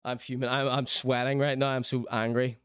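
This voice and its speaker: A man's voice: medium pitch, level tone, fairly quick, fairly bright tone, clean tone, no echo, clean studio sound. A man hosting a casual live stream, ranting in theatrical mock outrage. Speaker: streaming show host. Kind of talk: casual livestream commentary.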